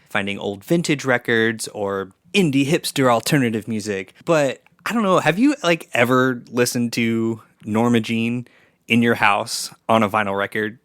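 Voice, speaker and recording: A man's voice: mid-range voice, a bit bright, no room sound, studio quality. A man hosting a casual podcast, rambling loosely with lots of fillers and laughs. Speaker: podcast host. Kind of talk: casual podcast chat and read sponsor ad.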